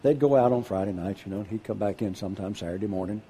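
An older man preaching a sermon, husky-voiced, dropping to a hush and then calling out loud. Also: lowish voice, fast talker, a little hiss or hum. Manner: animated preaching, drops to a hush then shouts out. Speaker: pastor.

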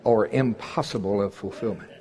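A man's voice: on the low side, moderate pace, dark tone. A man in his sixties from Oklahoma preaching a sermon in a folksy, joking way that builds to emphatic peaks. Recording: husky voice in a large reverberant hall.

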